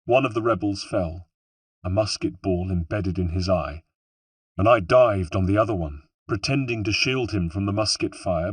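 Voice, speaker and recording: Guy reading an action audiobook, low husky voice, sounds a bit far from the mic, dry room. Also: no echo. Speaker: audiobook narrator. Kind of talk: first-person audiobook narration.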